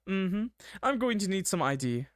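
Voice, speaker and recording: A man's voice: high voice, sing-song, normal speed, dry recording, studio quality, pitched above the performer's own voice. A man voicing a sarcastic, impatient female hospital receptionist with a curt, condescending manner in a video game.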